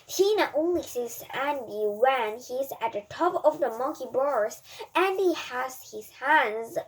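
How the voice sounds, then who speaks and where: Storybook narrator: woman, high voice, careful read-aloud with slight slips. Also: lively intonation, slow pace, husky. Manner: careful reading with small slips. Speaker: storybook reader. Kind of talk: reading a children's storybook aloud.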